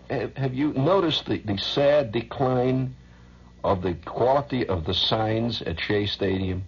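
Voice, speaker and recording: Man, radio host, rambling, chuckling, very raspy, dull lo-fi sound. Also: on the low side, animated, slow. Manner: rambling, chuckling, hums sing-song nonsense. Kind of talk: rambling on-air monologue.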